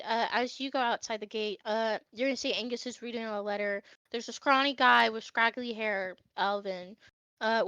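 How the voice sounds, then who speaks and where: A woman narrating as game master in a casual, halting way with many fillers. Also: on the high side, sharp tone, no room sound. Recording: dull, dry lo-fi audio.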